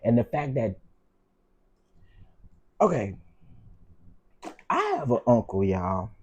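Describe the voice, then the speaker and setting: A man's voice: medium pitch, huge pitch swings, takes it slowly, breathy edge, dull audio. A man hosting his own channel, telling personal stories with frank, heated, preacher-like repetition. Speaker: channel host. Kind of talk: emotional storytime commentary.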